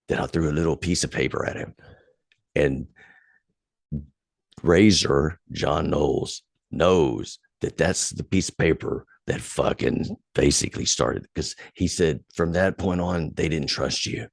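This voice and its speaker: A man's voice: rumbling low, a little slow, gravelly, no echo, studio quality. A man hosting a podcast, casually telling a story with lots of swearing, getting heated as he recalls old anger. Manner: profane, animated when retelling anger. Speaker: podcast host.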